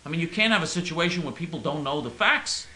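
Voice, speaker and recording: A man with a very bright, fairly high voice rambles through a comic rant, tripping over his words and restarting in mock-earnest outrage. He sounds as if he is in a roomy, echoing space with faint hiss behind him. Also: expressive, fast. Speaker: comedic caller in character. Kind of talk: comic monologue in character.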